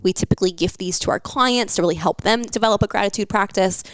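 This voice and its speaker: A woman's voice: medium pitch, fast talker, no room sound. A young woman hosting a wellness podcast, talking casually with lots of fillers and an encouraging tone. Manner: chatty, filler-heavy, encouraging.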